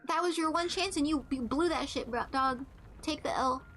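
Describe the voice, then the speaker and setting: Young woman streamer w a super high voice, blunt and swears a lot, chatting while she plays, little game music underneath. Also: normal speed, a bit bright. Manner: blunt, profane storytelling. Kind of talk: casual chat while playing a game.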